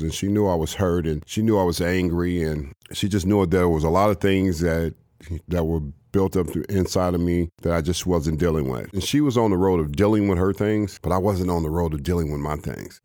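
A man's voice: low voice, darkish tone, no echo, clean studio sound. A man looking back candidly on his addiction, plainspoken and reflective. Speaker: guest sharing recovery story. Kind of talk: candid personal testimony.

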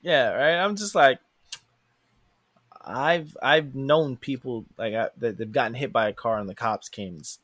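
A man's voice: measured pace, dry recording, clean studio sound. A man co-hosting a casual wrestling podcast, retelling a show with acted-out quotes and big jumps in his voice. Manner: animated storyteller, acts out quotes with big pitch jumps. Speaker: podcast co-host. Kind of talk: casual wrestling recap chat.

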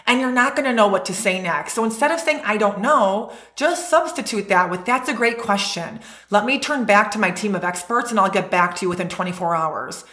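Energetic woman in an echoey room. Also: mid-range voice. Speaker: real estate investor guest. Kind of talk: conversational advice.

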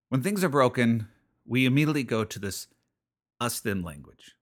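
A man's voice: medium pitch, animated, normal speed. A man hosting a radio show, preaching in an earnest, conversational way and often repeating his phrases. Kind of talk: radio sermon.

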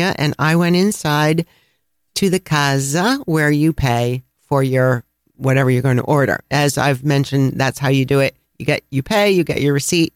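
A man with a Chicago accent, co-hosting a travel podcast and telling a lively anecdote with frequent laughs. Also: on the high side, clean tone, no echo, studio quality. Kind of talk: casual storytelling chat.

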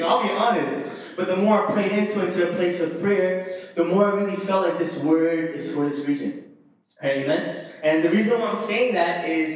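High-voiced young New preacher, echoey hall. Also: male voice. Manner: chatty, slangy, laughing asides. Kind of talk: casual youth sermon. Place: church hall. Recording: echoey hall, mic far off.

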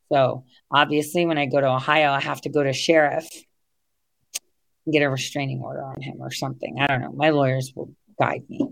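Low-pitched woman ranting to her followers, cussing, going off on tangents, dry sound. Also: no room sound. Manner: blunt, swears freely, digresses and laughs mid-rant. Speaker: online political commentator. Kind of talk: casual monologue to an online audience.

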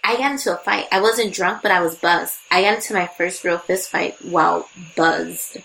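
A woman co-hosting a podcast, telling stories in an animated, laughing way while tipsy from drinking. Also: fairly low pitch, normal speed, vocal fry, slight background noise, poor audio. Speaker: podcast co-host. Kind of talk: casual chat.

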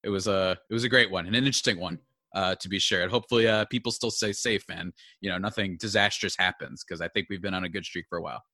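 A man's voice: low voice, steady tone, quick pace, sharp tone, no room sound, clean studio sound. A man hosting a sports podcast, talking in an upbeat, casual way with fillers. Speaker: podcast host.

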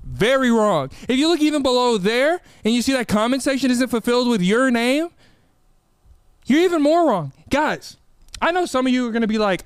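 A man's voice: very high-pitched, animated, normal speed, clean tone, no room sound. A man hosting a podcast in a studio, chatting casually and energetically, rambling as he gushes about his listeners. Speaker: podcast host. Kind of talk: casual podcast intro chat.

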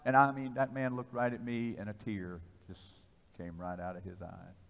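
A man preaching a storytelling sermon, dramatic, swinging between loud bursts and hushed passages. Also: lowish voice, little pitch movement, normal speed, gravelly. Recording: reverberant hall.

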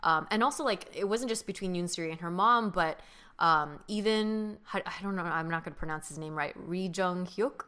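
A woman's voice: on the low side, normal speed, bright, forceful tone, clean tone. A woman co-hosting a casual podcast chat, speaking thoughtfully with lots of "like" and "um". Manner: thoughtful, many fillers like "like" and "um". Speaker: podcast co-host.

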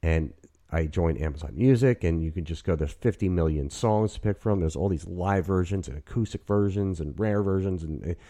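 Brief: fifties male host, deep mellow voice, rambly and excited. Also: normal speed. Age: 50s. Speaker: podcast host. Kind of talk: casual chat. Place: apartment.

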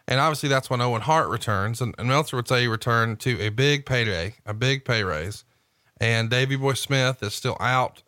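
A man's voice: mid-range voice, bright, forceful tone, no echo, clean studio sound. A man hosting a casual podcast chat, recapping events and asking teasing questions. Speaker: podcast host.

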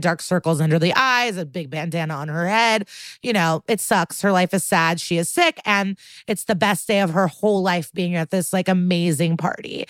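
A woman's voice: medium pitch, no echo. A woman co-hosting a podcast, casually retelling a TV episode and laughing often. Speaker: podcast co-host. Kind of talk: casual recap chat.

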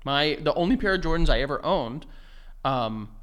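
Young man, podcast co-host, casual storytelling, slightly high pitch, smooth resonant tone. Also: lively intonation, normal speed, a bit bright. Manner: rambling storyteller, swears, laughs a lot. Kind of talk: casual chat.

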